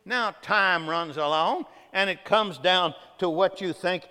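Fiery preacher in a hall. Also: male voice, sits high, measured pace, clear, resonant tone. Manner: preaching with sudden loud bursts and soft drops. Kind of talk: sermon. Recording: echoey hall with long reverb.

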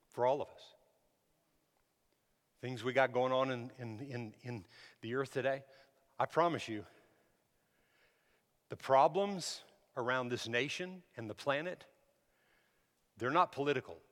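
A man preaching a sermon, shifting from relaxed storytelling to loud, emphatic exhortation. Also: medium pitch, unhurried, pauses often. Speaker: pastor. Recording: hall reverb.

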